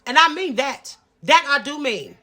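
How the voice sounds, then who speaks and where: A woman's voice: high-pitched, expressive, unhurried, pushed and bright. A woman in her fifties ranting in a storytime vlog, profane and emphatic, repeating herself to drive points home. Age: 50s. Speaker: vlogger. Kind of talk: storytime rant.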